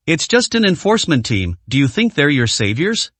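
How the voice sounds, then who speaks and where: A man's voice: fairly high pitch, very animated, normal speed, a bit bright, no room sound. A man reading a cool, disdainful young hero. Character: calm, self-assured young man, quietly contemptuous.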